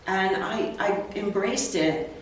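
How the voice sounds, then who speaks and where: A woman's voice: medium pitch, slow. A woman in her sixties, a real estate agent, telling her personal story as a guest in an interview, candid and earnest. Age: 60s. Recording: echoey, distant, faint noise.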